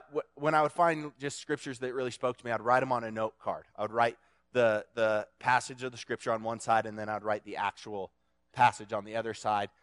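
A man's voice: mid-range voice, fairly bright tone. A man preaching a casual, conversational sermon to a young audience, joking with them and restarting his sentences.

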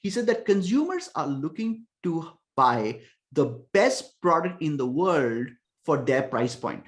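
A man's voice: a little high, sing-song, a little slow. A man speaking as a podcast guest, explaining with emphasis and often repeating words as he thinks. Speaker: podcast guest, ecommerce conversion expert. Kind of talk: casual podcast interview.

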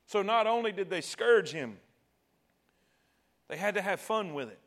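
A man preaches a sermon with a high, lifted voice. He retells the story with drama, playing the voices in it. At its peaks he rises to shouting. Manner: dramatic, acts out quoted voices and swells to shouts.

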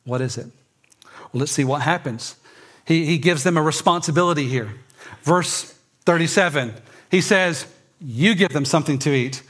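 A man preaching a sermon, emphatic, swinging between loud and soft and often repeating words. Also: fairly high pitch, moderate pace, pauses often. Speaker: pastor.

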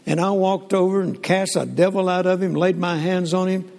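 Older guy preaching, gravelly and highish, big hall echo. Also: normal speed. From Southern United States. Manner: folksy, animated storyteller with many restarts. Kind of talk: sermon storytelling. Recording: long hall reverb.

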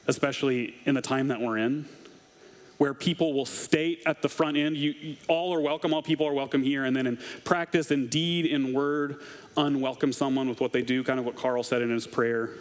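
Wry pastor in a reverberant hall. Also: male voice, medium pitch, fairly even intonation, normal speed. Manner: casual and wry, with chuckles and snarky asides. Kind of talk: conversational sermon.

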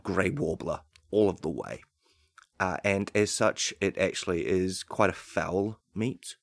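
A man with a New Zealand accent hosting a comedy podcast, rambling through absurd made-up facts in a straight-faced, deadpan way. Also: low-pitched, measured pace, gravelly, no room sound, studio quality. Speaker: podcast host.

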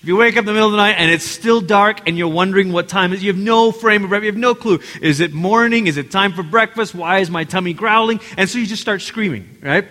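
Male pastor, high voice, lively preaching style, big reverberant church hall. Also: fast, few pauses. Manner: animated, acts out quotes, addresses congregation directly. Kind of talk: sermon.

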